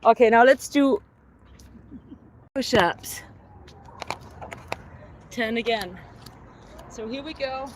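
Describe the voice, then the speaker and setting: A woman live-streaming her outdoor workout, chatting with viewers and counting reps out loud, a little winded at times. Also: fairly high pitch, slow, long pauses. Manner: chatty, reads viewer comments aloud between sets. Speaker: fitness vlogger. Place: outdoors in a city. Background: faint traffic and street noise.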